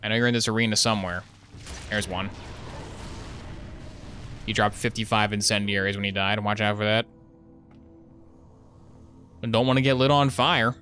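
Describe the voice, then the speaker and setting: A man's voice: on the low side, steady tone, moderate pace, long pauses, pushed and bright, soft background music. A young man giving casual, sarcastic live commentary while playing a shooter, rambling into jokey asides. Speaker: gaming streamer.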